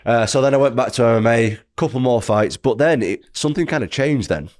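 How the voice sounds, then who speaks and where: Speaking briskly in a medium-pitched, darkish voice, an English-accented British man in his thirties recounts his story as a guest fighter. He rambles casually, stuffs his speech with fillers and keeps correcting himself.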